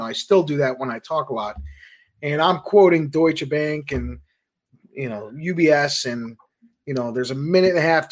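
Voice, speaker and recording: A man, the founder of a trading firm, recounting his career in a casual, animated storytelling way as a podcast guest. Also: a little high. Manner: animated anecdotes, quick asides.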